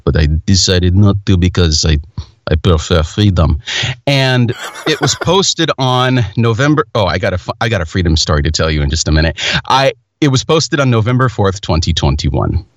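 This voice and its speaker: A man's voice: low voice, animated, moderate pace, dry recording. A man hosting a casual chat, telling rambling stories with self-mocking humor.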